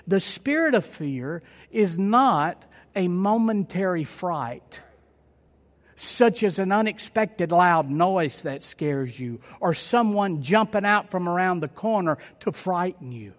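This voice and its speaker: Man, high-pitched voice, preacher, emphatic sermon, repeats key lines, long hall echo. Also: lively intonation, slow pace.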